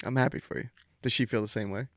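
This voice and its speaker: Dude teasing his buddy on a podcast, deadpan, pretty dry room. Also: mid-range voice, fast talker, dry recording. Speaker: podcast co-host. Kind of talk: casual chat.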